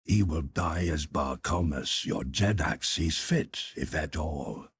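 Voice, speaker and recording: A man's voice: very deep voice, slow pace, a little hiss or hum, voice pushed down, full character voice. A man voicing a young green Martian ruler who speaks with emphasis and dignity in an audiobook. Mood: dignified.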